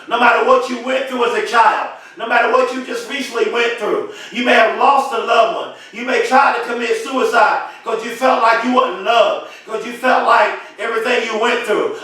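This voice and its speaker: A man giving an impassioned motivational speech, repeating phrases and swelling into shouts. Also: extremely high pitch. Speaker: motivational speaker. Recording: very echoey, voice far from mic.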